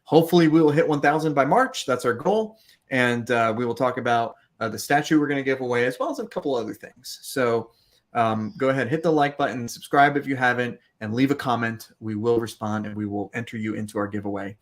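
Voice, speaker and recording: A man's voice: mid-range voice, brisk. A man hosting a casual podcast, easygoing and a bit hesitant, with plenty of ums. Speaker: podcast host.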